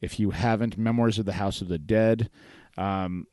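A man's voice: lowish voice, steady tone, moderate pace, darkish tone, dry recording. A man hosting a podcast in a casual, rambling way, with plenty of fillers and restarts. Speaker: podcast host. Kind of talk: casual talk-show chat.

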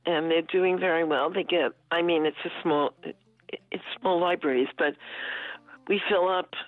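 A woman's voice: deep voice, moderate pace, no room sound. A woman caller from Connecticut chatting casually and rambling a little on the phone. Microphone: telephone. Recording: tinny phone line.

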